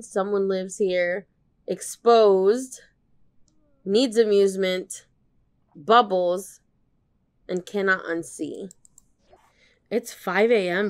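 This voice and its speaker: Chatty, profane woman gaming narrator. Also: lowish voice. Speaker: let's play host. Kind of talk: casual gameplay commentary.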